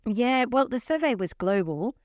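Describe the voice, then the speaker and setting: This travel podcast co-host is a woman whose voice sits on the high side. She's chatty, lively and quick to laugh, speaking at a moderate pace over clean, echo-free studio audio.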